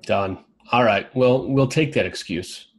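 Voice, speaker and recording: A man hosting a group video call, upbeat and energetic, calling on members by name. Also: mid-range voice, measured pace, noisy background. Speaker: host of an online roundtable.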